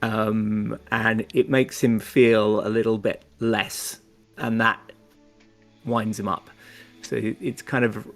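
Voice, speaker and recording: A man's voice: lowish voice, little pitch movement, slow pace, a bit bright, soft background music. A man playing a tabletop game, narrating his character's actions in a rambling way. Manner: rambling, with many fillers and restarts.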